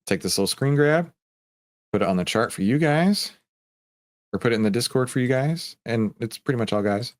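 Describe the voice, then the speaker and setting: A man's voice: mid-range voice, animated, normal speed. Chatty male trading stream host. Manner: chatty, jokey, talks to chat viewers. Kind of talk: casual live trading commentary.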